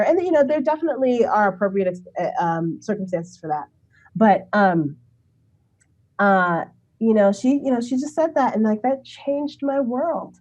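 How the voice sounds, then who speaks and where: A woman in her forties from Brooklyn, New York City, telling a story as an interview guest in a chatty, animated way, acting out remembered dialogue and laughing often. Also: on the high side, moderate pace, muffled recording. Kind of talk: casual conversational storytelling.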